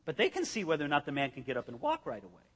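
A man's voice: on the high side, racing, big-room sound. A man preaching an expository sermon as pastor, telling the scene vividly and acting it out. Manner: animated storytelling, acting out scenes.

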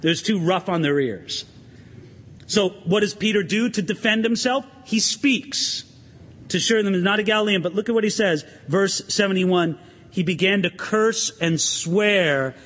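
Man, pastor, animated sermon, high voice, long church reverb. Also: moderate pace. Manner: animated preaching, rising and falling emphasis, asks the congregation questions.

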